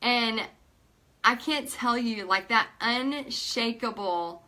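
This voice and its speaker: Woman near 40, bright tone, emotional storytelling vlog, acts out quotes. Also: fairly high pitch, slow. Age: almost 40. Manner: emotional, animated retelling with acted-out quotes. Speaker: paint party instructor. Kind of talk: personal storytelling to camera.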